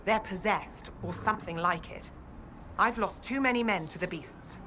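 A woman's voice: mid-range voice, normal speed, sharp tone, lightly acted. An actress playing a grim, weary woman who leads farmers in a video game, speaking stern and matter-of-fact. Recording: game audio with background noise.

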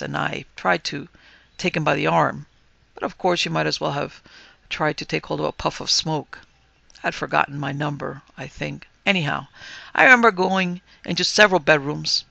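A man who hosts a podcast, reading a ghost story aloud as dramatic narration with lively dialogue. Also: on the high side, moderate pace, gravelly, no echo. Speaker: podcast host and story reader. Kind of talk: scripted narration.

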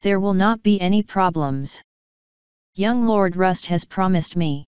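A woman's voice: fairly low pitch, unhurried, a little mellow, clear, resonant tone, no room sound, natural voice. A woman reading the part of a haughty upper-class older woman, speaking in an icy, imperious way. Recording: dull lo-fi sound.

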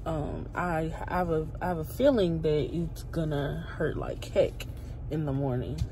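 Speaking unhurriedly in a low, expressive, mellow voice, a tired woman in her 20s vlogs to camera. She's chatty and dramatic and often calls out to her viewers. The phone video is low quality, with car noise in the background.

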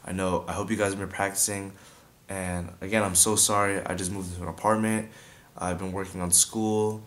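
A man's voice: deep voice, little pitch movement, a little fast, a bit bright. Laid-back young man teaching beatbox. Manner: chatty, laid-back, demonstrates mouth sounds. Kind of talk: casual video tutorial.

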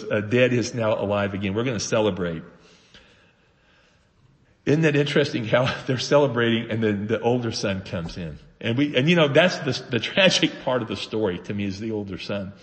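A man preaching a sermon as pastor, telling the story with animated voices for its characters. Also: mid-range voice, long reverb tail. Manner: animated storytelling, acting out voices of the father and sons. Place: church sanctuary.

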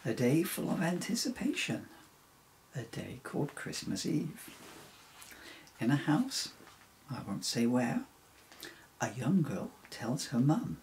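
A man reading a rhyming children's story aloud in an expressive, sing-song way. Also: mid-range voice, slow pace, long pauses, slight background noise, poor audio.

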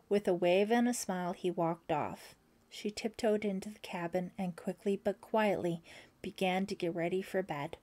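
Audiobook narrator, female, lowish mellow voice, whispers tense passages. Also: moderate pace. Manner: voices characters, drops to a whisper for tense moments. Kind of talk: scripted narration.

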